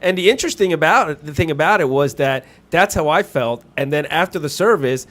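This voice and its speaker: Enthusiastic male co-host, slightly high. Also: expressive, fairly quick, a bit bright. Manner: enthusiastic, effusive praise. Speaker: podcast co-host. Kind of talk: casual podcast banter.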